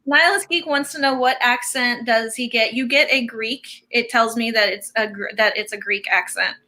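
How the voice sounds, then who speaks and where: A woman hosts a casual group chat over a video call. Her voice is bright and slightly high. She explains things patiently and keeps everyone moving along. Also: moderate pace, a little hiss or hum.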